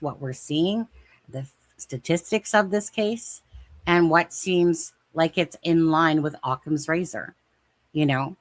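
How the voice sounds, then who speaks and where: A woman's voice: low-pitched, no room sound. A woman co-hosting a true crime podcast in casual chat, talking in rambling, emphatic bursts and repeating herself. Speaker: podcast co-host.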